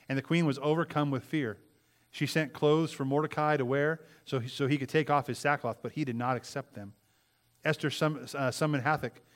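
A man preaching a sermon, talking in a loose, conversational way with frequent restarts, and reading scripture aloud. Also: mid-range voice. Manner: conversational, halting, with many restarts, rising to loud emphasis. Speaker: pastor.

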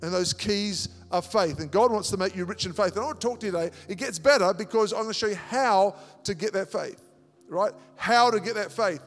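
High-voiced man preaching in a hall. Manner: animated, repeats words, acts out dialogues. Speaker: pastor. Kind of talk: sermon. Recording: long hall reverb with music behind.

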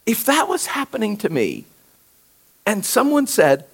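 A man preaching a conversational sermon, reading scripture aloud and talking directly to his congregation in an animated way. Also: sits high, unhurried, vocal fry, long pauses, breathy edge. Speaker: pastor.

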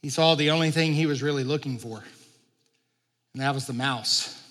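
A man preaching a sermon from the pulpit, talking conversationally and rising to animated emphasis. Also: medium pitch, normal speed. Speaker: pastor. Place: church sanctuary. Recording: long hall reverb.

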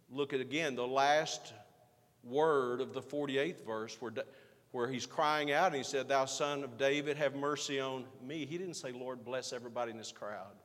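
A pastor delivers a sermon, shifting between emphatic, rising lines and hushed, quiet asides. His voice is medium in pitch, with a long reverb tail trailing behind it.

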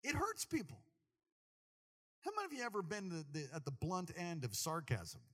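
A man preaching a sermon to a congregation, animated and jokey, talking straight to the people in the church. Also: high voice, moderate pace, big-room sound. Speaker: pastor.

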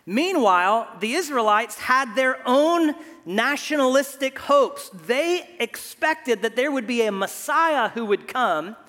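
A man's voice: very high-pitched, lively intonation, slow, pushed and bright, big-room sound. A man preaching a sermon as a pastor, in a conversational way that often repeats words at the start of a phrase.

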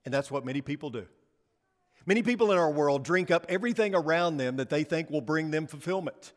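A fairly high-voiced male pastor delivers a storytelling sermon. He poses rhetorical questions and slows down to stress key words. A long reverb trails his voice through a church sanctuary. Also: expressive.

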